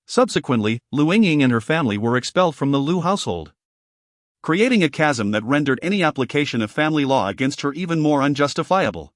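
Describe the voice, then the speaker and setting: Dry, even male audiobook narrator. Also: on the high side, quick pace, no echo. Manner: even, formal storytelling.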